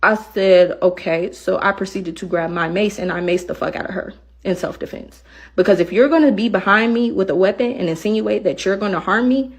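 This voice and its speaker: Rideshare driver, woman, husky, indignant storyteller. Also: medium pitch, a bit bright. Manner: indignant, acting out both sides of the argument. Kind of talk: venting story to camera.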